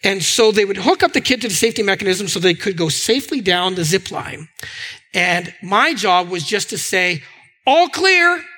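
A man with a very high, bright, ringing voice preaches a sermon. He tells stories with animation and acts out what others say, often tripping over repeated words. He sounds middle-aged and speaks like a pastor to his congregation. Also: moderate pace, rough recording. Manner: animated storytelling, acting out quoted voices, frequent stammered repeats.

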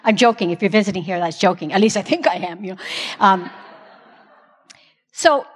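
With a mid-range voice and lively intonation, a middle-aged pastor's wife speaks at normal speed, sharing her personal testimony openly with her church. She mocks herself good-naturedly, and the hall adds a long reverb.

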